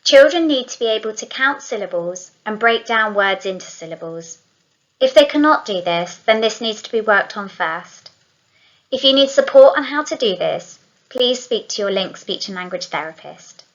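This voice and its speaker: A woman talks through a training video in a steady, measured voice-over, laying out each step plainly. Her pitch sits in an ordinary middle range. The recording sounds a little dull and lo-fi. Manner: calm, measured, step-by-step explaining. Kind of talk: scripted instructional voice-over.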